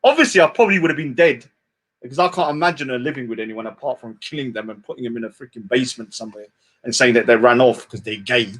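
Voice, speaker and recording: A man's voice: medium pitch, quick pace, fairly bright tone. A man who hosts a live stream, ranting in a scornful tone and tagging many lines with "yeah?". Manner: scornful, repeats "yeah?" often. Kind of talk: heated live-stream rant.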